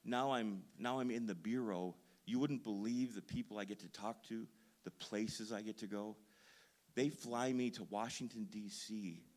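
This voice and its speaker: A man from Minnesota preaching a sermon in a storytelling, self-deprecating way, building to loud emphasis at times. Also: lowish voice, fairly even intonation, normal speed. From Duluth, Minnesota. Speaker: pastor. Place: church sanctuary.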